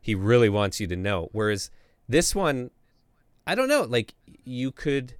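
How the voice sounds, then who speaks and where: A man co-hosting a podcast, talking about a director's style in a halting way as he searches for his words. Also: medium pitch, very animated, smooth, no echo, studio quality. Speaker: podcast co-host, filmmaker. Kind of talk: casual film discussion.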